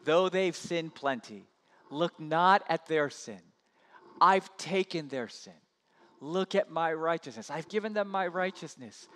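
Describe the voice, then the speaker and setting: A man's voice: fairly high pitch, animated, unhurried, a bit bright. A man playing an earnest, pleading Christ. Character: pleading Christ, male, pleading with the Father. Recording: long church-hall reverb.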